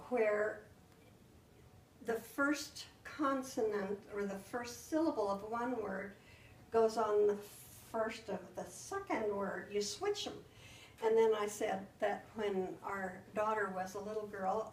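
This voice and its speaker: An older woman, a grandmother, telling a story to her family with animated, giggly delivery. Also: mid-range voice, a little hiss or hum. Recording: roomy room, mic at a distance.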